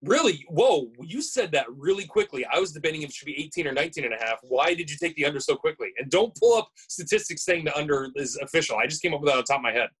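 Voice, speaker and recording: A man's voice: on the high side, expressive, fast talker, hardly any pauses, fairly bright tone, slightly rough, poor audio. A man co-hosting a podcast in casual chat, playful and teasing, often stammering over restarts. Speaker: podcast co-host.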